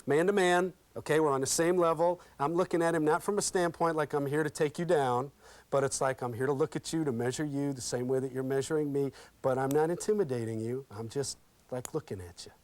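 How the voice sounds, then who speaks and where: A man leading an interview skills workshop, talking in a lively, interactive way and acting out examples with his audience. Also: fairly high pitch, a little fast. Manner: lively and interactive, checks in with "okay?" constantly; folksy and animated, acts out examples. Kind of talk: live workshop talk with role-play demonstrations.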